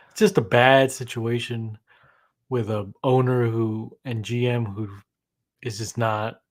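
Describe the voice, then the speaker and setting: Mid-pitched male co-host, subdued and hesitant. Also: darkish tone. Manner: subdued, glum, hesitant with many ums. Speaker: podcast co-host. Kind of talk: casual sports chat.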